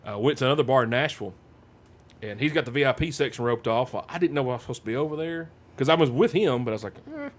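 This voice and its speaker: Storytelling man, mid-pitched. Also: quick pace. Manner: rambling, animated anecdote-telling with acted-out quotes. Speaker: podcast guest storyteller. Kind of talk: casual storytelling chat.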